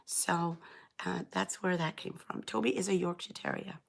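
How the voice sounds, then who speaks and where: A middle-aged woman from England, hoarse and croaky after an illness, chatting casually and rambling as she hosts a live knitting stream and greets viewers by name. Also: on the low side, fairly even intonation, normal speed. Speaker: knitting channel host.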